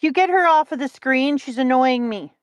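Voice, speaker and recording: A goofy, playful middle-aged woman chatting at home with her son. Her fairly high voice swings widely in pitch, and the sound is dry and close. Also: animated, normal speed, clear, resonant tone, no echo. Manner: playful, goofy, swears freely. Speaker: co-host, mother of the host. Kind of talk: casual chat.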